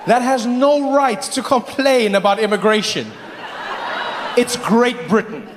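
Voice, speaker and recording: Animated stand-up comic in a big hall. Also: male voice, very high voice, a little slow. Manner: animated, shifts into voices and shouts. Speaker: stand-up comedian. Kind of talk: live stand-up comedy. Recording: live hall reverb, audience noise.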